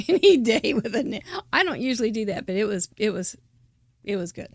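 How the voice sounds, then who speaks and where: Animated, chatty woman host. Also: a little high, fairly quick, no room sound, clean studio sound. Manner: chatty, laughs often, playful teasing. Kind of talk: casual live-stream chat.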